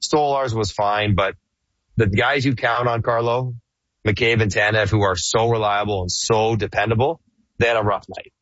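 Husky-voiced man on a lo-fi line. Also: lowish voice, moderate pace, no echo. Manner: animated, laughs easily, rambling restarts. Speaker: hockey play-by-play broadcaster guest. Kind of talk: casual sports radio chat.

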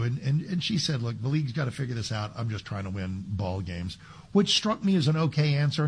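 A man's voice: medium pitch, breathy edge. A man filling in as a talk radio host, delivering an emphatic, sarcastic monologue with frequent restarts. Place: radio studio. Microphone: studio microphone.

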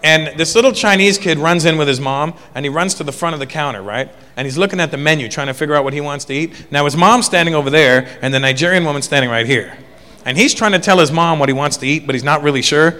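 A man's voice: a little high, quick pace, bright, forceful tone. A man telling a stand-up story, acting out what people said. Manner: storytelling, acts out quotes. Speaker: stand-up comedian. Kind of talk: stand-up routine. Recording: long reverb in a live venue.

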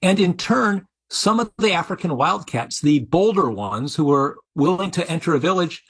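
A man's voice: on the high side, animated, normal speed, a bit bright, slightly rough. A middle-aged man, a biology professor, giving interview answers in an explanatory way with frequent restarts.

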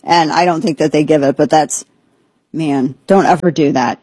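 A woman talk radio host riffing in a casual, joking way, quick to disbelief. Her voice is husky and a little breathy, recorded close and dry. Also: deep voice, dark tone, dry recording. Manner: incredulous, joking, rapid asides. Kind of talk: casual talk show banter.

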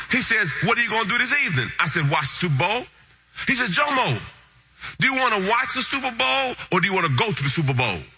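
A man preaching, telling a funny story with animated, lively delivery that jumps between low asides and excited high shouts. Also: husky. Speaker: pastor. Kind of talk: storytelling sermon.

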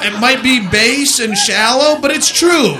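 A man's voice: very high voice, measured pace, background noise. A man doing crude, blunt stand-up comedy, laughing often. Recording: live audience in a comedy club. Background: crowd laughter.

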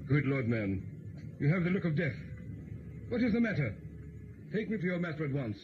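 A man's voice: fairly high pitch, very animated, normal speed. A man playing a self-important police inspector in an old radio drama, speaking in a commanding, impatient and somewhat pompous way. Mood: brisk. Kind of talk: 1940s radio acting. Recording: dull old radio broadcast with faint hiss.

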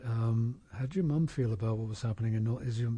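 A male interviewer with a husky, dark and mellow voice asks his guest casual questions. The sound is dry and close, with no room echo. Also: medium pitch, fast. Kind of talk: conversational interview.

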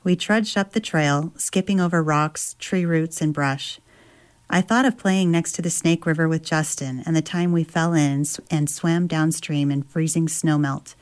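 A woman author and travel writer reads from her memoir and then talks about it reflectively, often pausing to search for words. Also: low-pitched, steady tone. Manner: reflective, with many fillers and restarts.

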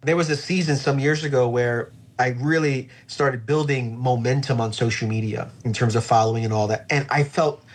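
A man who is a pastor, speaking earnestly and reflectively in an interview about faith, slowing down to stress key phrases. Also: mid-range voice, steady tone, breathy edge.

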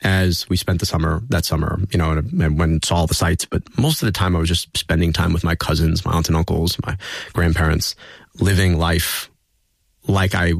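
A man's voice: deep voice, fairly even intonation, moderate pace, gravelly, no room sound. A man, a political guest in an interview, telling personal stories in an earnest, reflective way. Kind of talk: conversational interview storytelling.

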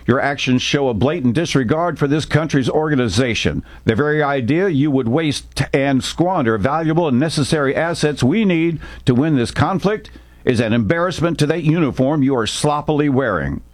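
A man voicing a gruff army colonel. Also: on the high side, expressive, normal speed, dry recording, close to an everyday voice. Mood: scolding. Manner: gruff, authoritative. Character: stern commanding male army colonel, gruff.

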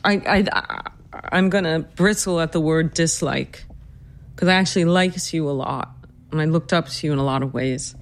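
A narrator and host telling a personal family story, then questioning their mother, earnest and slowing down to stress points. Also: medium pitch. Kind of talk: reflective personal narration and interview.

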